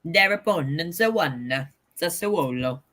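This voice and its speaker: Bright-voiced, excitable male football host. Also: a little high, takes it slowly. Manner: excitable and jokey, shouts over goals. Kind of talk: casual live football chat.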